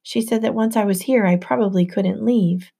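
A woman's voice: mid-range voice, normal speed, gravelly, warm tone, slightly rough. A woman voicing a confused, earnest boy student in an audiobook. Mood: puzzled. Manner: puzzled and earnest. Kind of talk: audiobook narration.

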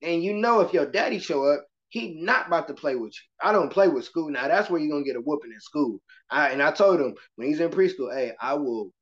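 A man with a slightly high voice talks casually as a guest and tells classroom stories, slipping into voices as he goes. The audio sounds dull and muffled, like a lo-fi podcast recording. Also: a little fast, few pauses. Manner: animated storytelling, slips into voices of kids and adults. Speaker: kindergarten teacher, guest. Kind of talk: casual interview conversation.

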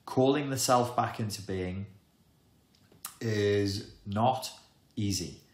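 A man who explains psychology topics in an emphatic, wry monologue with dramatic pauses. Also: on the low side, darkish tone. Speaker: self-help educator. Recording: echoey room.

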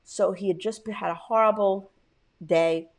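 A woman's voice: mid-range voice, fairly even intonation, moderate pace. Woman co-host spinning a story. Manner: profane, heartfelt storytelling. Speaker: podcast co-host. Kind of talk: casual chat.

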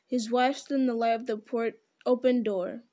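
A woman reading a novel aloud, her voice sitting a little high. She keeps a steady, unpolished pace and stumbles now and then, correcting herself before going on. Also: moderate pace. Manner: steady, unpolished, with small slips.

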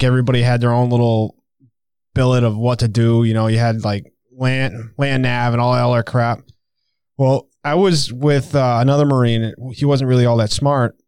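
A man's voice: mid-range voice, darkish tone, clean tone, dry recording. A man in casual chat who laughs often and tells a crude anecdote.

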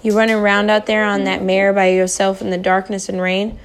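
A woman's voice: mid-range voice, flat delivery, fairly quick, smooth, natural voice. Woman reading as an old grandma, stern, scolding, brusque.

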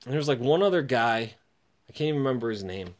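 A man telling a long story in casual chat, animated and often laughing, acting out voices. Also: medium pitch, fast.

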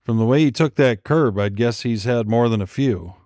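A man voicing a quiet, firm, terse male operative in an audiobook. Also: medium pitch, normal speed, no echo, studio quality, natural voice.

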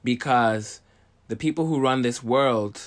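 A man's voice: mid-range voice, a little slow. A young man talking casually to camera in a rambling, profane monologue, often checking in with "okay?", and short of breath. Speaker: video host.

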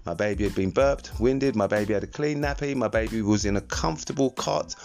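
A man's voice: lowish voice, fairly quick, a little mellow, soft background music. An older man hosting a solo podcast, telling stories in a rambling, laid-back, chatty way. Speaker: podcast host. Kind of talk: reflective solo storytelling podcast.

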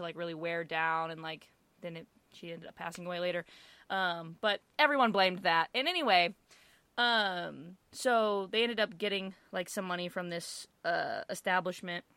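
A woman casually telling a family story, animated and full of fillers, with bursts of swearing. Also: fairly low pitch, clean tone, dry recording. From Italian-American family. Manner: animated, lots of fillers, swears, acts out quotes loudly.

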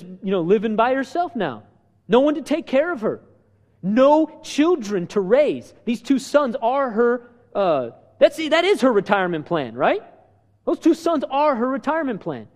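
Animated preacher man in a reverberant hall. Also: very high voice. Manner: animated, rhetorical questions, acts out quotes. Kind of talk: sermon.

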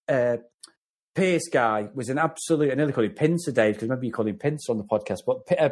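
A Mancunian man chatting on a film podcast, rambling and repeating himself as he warms up. His pitch moves a lot, swinging up and down as he gets worked up. He sits in the middle range for a man. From North West England. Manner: rambling and animated, repeating words as he goes. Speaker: podcast co-host. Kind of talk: casual film review chat.

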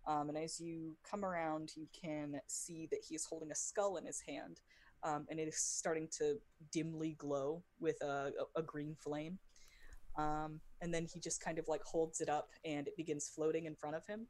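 Low-voiced woman running a tabletop game. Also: little pitch movement, darkish tone, no echo. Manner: halting, many fillers and restarts. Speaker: game master.

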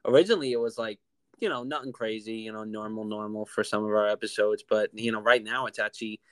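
A young man in his twenties co-hosting a podcast over a remote call, chatting in a relaxed, rambling way with lots of fillers. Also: fairly low pitch, quick pace, very noisy. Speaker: podcast co-host. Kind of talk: casual chat.

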